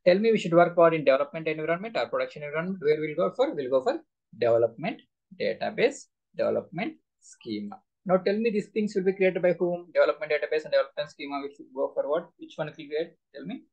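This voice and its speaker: A man teaches a live class, firing repeated questions at his students. His voice is gravelly and a little husky, with a lively, swooping pitch. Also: fast, highs cut off. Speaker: SQL instructor.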